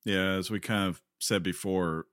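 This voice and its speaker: Male co-host, lowish voice, dry close mic, casual gaming news chat. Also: fairly even intonation, moderate pace, fairly bright tone, clear, resonant tone, dry recording. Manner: joking, reads news items aloud with quotes. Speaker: podcast co-host.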